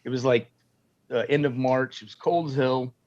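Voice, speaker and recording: A middle-aged former Marine tells his stories loosely and profanely, slipping into voices as he quotes people. His voice sits at an ordinary pitch for a man. The recording sounds dull and lo-fi. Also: normal speed. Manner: profane, animated storyteller acting out quotes. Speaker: guest, former Marine and film military advisor. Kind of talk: casual storytelling interview.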